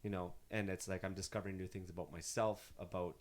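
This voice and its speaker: A man from Northern Ontario sits in as a podcast guest, speaking in a slightly low voice. He rambles through anecdotes casually, restarting sentences and tossing in swear words. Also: steady tone, fast. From Northern Ontario, Canada. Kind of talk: casual storytelling chat.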